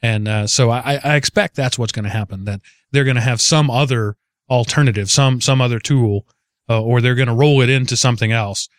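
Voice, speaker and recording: A man's voice: medium pitch, fairly quick, no echo. A man hosting a tech podcast, talking casually with a teasing, joking manner. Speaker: podcast host. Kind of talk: casual chat.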